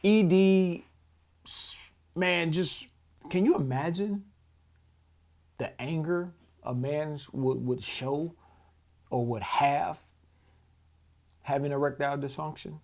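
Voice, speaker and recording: A man's voice: fairly high pitch, slow pace, long pauses, dark tone. A man hosting a podcast, giving heated, profane commentary on a clip and often repeating words as he restarts. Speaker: podcast host. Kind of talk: reacting to a clip, casual commentary.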